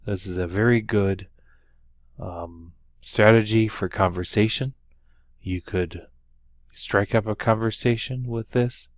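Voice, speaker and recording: Male teacher, lesson walkthrough, slow pace, lowish voice, hesitant fillers, dry sound. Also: dry recording. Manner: unhurried, with many ums and uhs, slow careful Spanish examples. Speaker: Spanish teacher.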